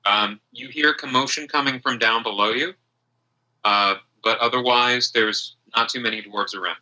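A man's voice: mid-range voice, steady tone, normal speed, pushed and bright, poor audio. A man running a tabletop game as game master, narrating loosely with many fillers.

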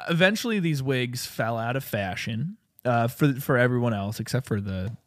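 A man's voice: mid-range voice, expressive, moderate pace, no room sound, studio quality. A man co-hosting a casual comedy podcast, explaining a topic with jokes and lots of filler words. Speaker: podcast co-host presenting a topic.

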